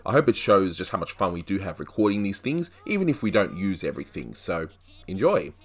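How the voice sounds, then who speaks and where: A man hosting an animation review podcast, easygoing and quick to laugh in casual chat. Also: deep voice, very animated, breathy edge.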